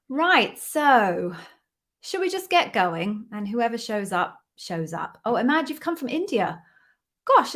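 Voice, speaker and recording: A woman's voice: on the high side, fairly bright tone. Chatty woman hosting a livestream. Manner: chatty, playful, greets viewers by name. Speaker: host of live Q&A stream, former interview bar raiser. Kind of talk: casual live-stream chat. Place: room at home. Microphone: computer microphone.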